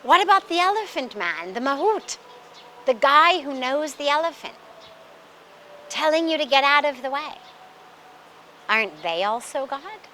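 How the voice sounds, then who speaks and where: Woman storyteller doing a wise male guru, calm and gently scolding, slow and bright. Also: sits high, a little hiss or hum, heavily acted.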